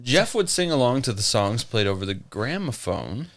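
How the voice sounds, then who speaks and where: A man's voice: medium pitch, sing-song, normal speed, fairly bright tone. A man co-hosting a podcast, telling a strange story in casual chat, joking and laughing often. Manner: laughs often, jokey, playful voices for quotes. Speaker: podcast co-host.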